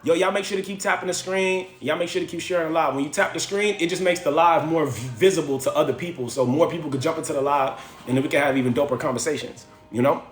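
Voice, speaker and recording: A man's voice: on the high side, quick pace, hardly any pauses, roomy sound. A man hosting a livestream from home, giving a slangy, preachy motivational talk that repeats phrases for effect. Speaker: livestream host.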